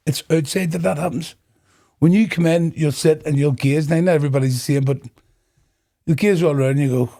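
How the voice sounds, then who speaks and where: A middle-aged man with a Northern Irish accent, telling his own story as a guest in an interview and acting out the dialogue. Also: on the high side. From Northern Ireland. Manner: animated storyteller acting out dialogue, breaks into laughter. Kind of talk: personal testimony in a podcast interview.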